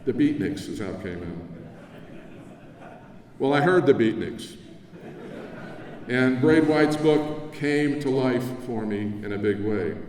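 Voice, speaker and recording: Older man, from New Jersey, acceptance speech, conversational, mellow tone, roomy hall echo. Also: medium pitch, a little hiss or hum. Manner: warm, reminiscing, conversational with asides. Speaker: award recipient giving acceptance speech. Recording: echoey hall from far off.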